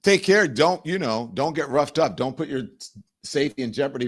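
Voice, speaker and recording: A man's voice: mid-range voice, animated, a little fast. A man hosting a live commentary show, conversational and emphatic. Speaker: show host.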